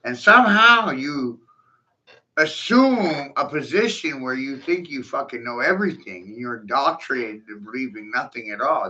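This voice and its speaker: A man's voice: medium pitch, animated, normal speed, pushed and bright. A man in a profane, mocking rant, taunting his listeners and breaking into scornful laughs. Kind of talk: ranting monologue. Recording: dull lo-fi recording.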